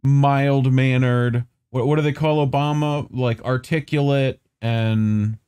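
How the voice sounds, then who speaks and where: A man co-hosting a casual political commentary podcast, talking in a chatty way with quick asides and casual swearing. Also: mid-range voice, fairly even intonation, a little mellow, smooth. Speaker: podcast co-host.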